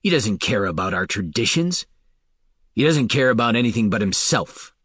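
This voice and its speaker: A man's voice: on the low side, animated, moderate pace, a bit bright, husky, dry recording, studio quality. A man voicing a proud, bitter male aristocrat who snarls his words with contempt in an audiobook. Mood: scornful.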